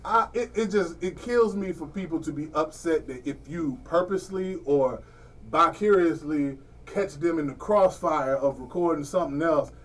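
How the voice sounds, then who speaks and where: A man's voice: on the high side, moderate pace, recorded from a distance. A man hosting a casual podcast, telling a profane story and laughing through it. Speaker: podcast host.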